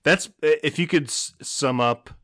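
Halting young man podcast co-host. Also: a little high, no echo, studio quality. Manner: halting, many fillers, trails off softly. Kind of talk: casual podcast chat.

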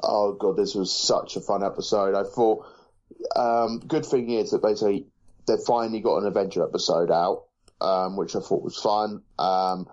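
A man's voice: fairly low pitch, darkish tone, highs cut off. A man co-hosting a casual review chat, rambling with many fillers and restarts. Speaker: podcast co-host.

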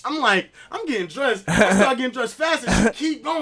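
Animated young New man. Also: very high voice, normal speed. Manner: animated storytelling, acts out voices of family. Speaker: podcast co-host. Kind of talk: casual chat.

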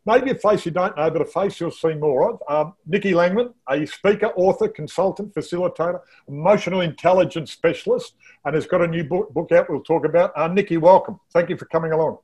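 A man's voice: a little high, brisk, darkish tone, slightly rough. A man hosting an interview show, chatty and enthusiastic, often restarting sentences. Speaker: host.

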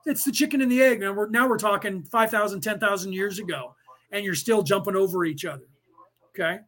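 Man, high voice, podcast host, rambling, emphatic, casual chat. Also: a little fast, fairly bright tone. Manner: rambling, emphatic, reads listener comments aloud. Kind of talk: casual commentary to an audience.

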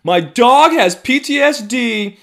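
A man doing a shrill, whiny rich liberal. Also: expressive, slow pace, a bit bright, full character voice. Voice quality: shrill, affected falsetto. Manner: fretful, precious complaining. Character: whiny, fussy rich liberal dog owner. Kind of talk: comic impression in a monologue.

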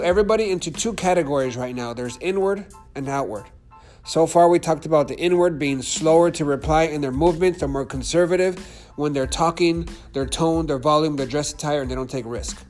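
A man teaching a lesson on persuasion and sales. He talks in a loose, repetitive way and keeps checking in with "okay?" and "right?". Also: fairly high pitch. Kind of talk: instructional talk.

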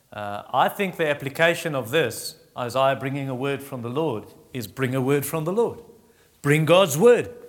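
Preacher, male, fairly high voice, acts out Bible voices, halting restarts. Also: big-room sound. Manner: acts out Bible voices in a raised pitch, quiet and slow on comfort; halting restarts while teaching. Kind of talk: sermon.

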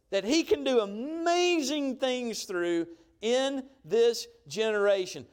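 A man preaching a sermon, telling a story with lively emphasis and often checking in with the crowd. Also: very high-pitched, slow, smooth. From Georgia. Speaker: pastor.

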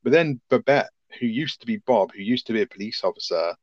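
A man's voice: mid-range voice, lively intonation, a little fast, no echo, lo-fi sound. A man co-hosting a podcast, rambling and swearing cheerfully as he recaps a film. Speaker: podcast co-host. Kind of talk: casual film review chat.

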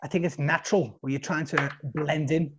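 A high-voiced man from England guests on a podcast. He chats loosely, jokes and swears freely. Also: steady tone, fairly quick, highs cut off, background noise. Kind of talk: casual podcast chat.

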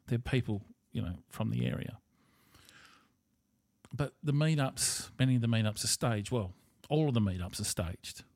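Australian male host, casual monologue, swears freely, rambles, mid-pitched voice, dry close sound. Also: animated, moderate pace, a little mellow, dry recording. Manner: rambling, profane and blunt.

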